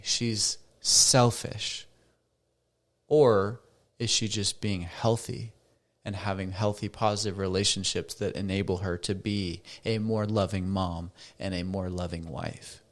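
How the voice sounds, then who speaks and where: A man's voice: on the low side, steady tone, measured pace. A middle-aged man hosting a solo podcast as a counselor, talking conversationally and asking rhetorical questions. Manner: conversational, rhetorical questions, acts out quoted voices.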